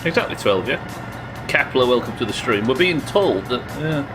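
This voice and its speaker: A man's voice: mid-range voice, lively intonation, normal speed, rough recording. A man streaming a game live, chatting, joking and reading out viewer comments. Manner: chatty, reads chat aloud, jokey. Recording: game music behind.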